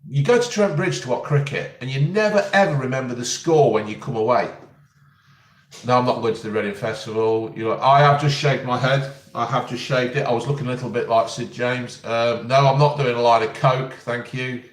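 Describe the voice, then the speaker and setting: A man's voice: mid-range voice, steady tone, a little fast. A man answering viewers' questions in a casual live stream, blunt and jokey as he reads out each question. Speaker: vlogger answering live chat. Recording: roomy and distant from the mic.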